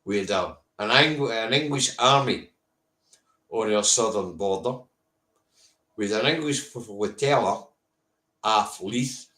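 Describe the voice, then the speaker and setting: Scottish guy on a live stream, deep voice, swears a lot, talks back to the chat, echoey room. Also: unhurried, pauses often, sharp tone. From Scotland. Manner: blunt, sweary, reading out viewers' comments. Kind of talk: casual live-stream talk. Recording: roomy echo.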